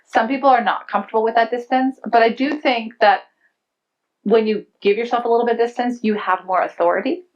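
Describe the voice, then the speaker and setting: A woman's voice: on the high side, fairly even intonation, a little fast, dull audio. A woman on a conference panel, talking in a thoughtful, casual way and often saying "like". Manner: thoughtful, frequent "like" fillers. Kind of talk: casual Q&A discussion. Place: conference room.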